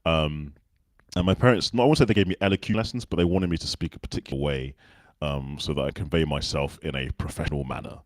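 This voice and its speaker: A man's voice: very deep voice, fast talker, no room sound, studio quality. A man from the UK with a well-spoken, non-regional Southern English accent, a podcast guest chatting casually and acting out the people in his stories. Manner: relaxed storyteller who acts out other people's lines. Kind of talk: casual interview chat.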